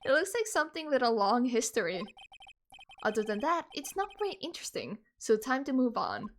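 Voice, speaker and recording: A woman's voice: high-pitched, huge pitch swings, brisk. A woman streaming a game, reading its text aloud and joking with her chat. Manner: chatty, jokey, talks to chat.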